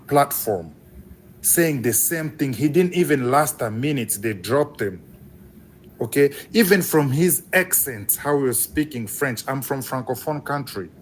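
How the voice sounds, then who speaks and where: Fervent Congolese man calling in. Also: medium pitch. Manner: fervent, emphatic, rising with excitement. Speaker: caller. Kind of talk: impassioned call-in commentary. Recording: faint background noise.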